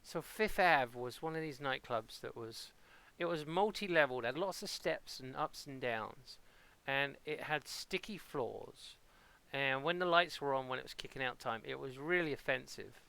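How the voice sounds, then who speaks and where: A man's voice: mid-range voice, animated, moderate pace, creaky, sharp tone, clean tone. A man from Portsmouth with a local English accent, rambling playfully and mocking himself as he streams a game at home. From Portsmouth, England. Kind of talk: casual live-stream commentary.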